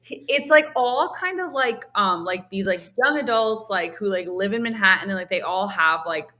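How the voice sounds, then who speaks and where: A woman's voice: medium pitch, moderate pace. A young woman guesting on a podcast, chatting casually and peppering her talk with "like" as she acts out what others said. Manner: heavy use of "like", animated quoting of others. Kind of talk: casual chat.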